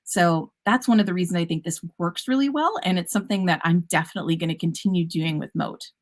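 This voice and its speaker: A woman's voice: lowish voice, fast talker. Upbeat woman teacher presenting with puns. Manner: upbeat and chatty, with playful puns. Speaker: teacher presenting at an education conference. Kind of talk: conference presentation.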